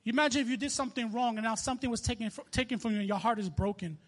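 High-voiced man preaching a sermon. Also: very fast. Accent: New York. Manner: reads scripture aloud with slips and restarts, then talks personally. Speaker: minister. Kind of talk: sermon with scripture reading.

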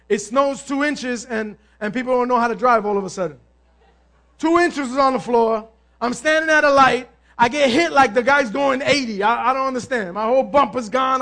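A male pastor preaching a sermon, telling stories with lively energy, calling out to the congregation and sometimes shouting. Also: very high voice, a little fast. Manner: animated storytelling, asks the crowd "amen?", bursts of shouting.

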